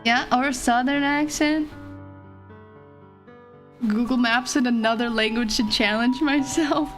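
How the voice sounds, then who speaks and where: A woman's voice: sits high, fairly even intonation, measured pace, faint music behind. A young woman streamer chatting casually and rambling, laughing often as she talks. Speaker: vtuber streamer. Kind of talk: casual chat.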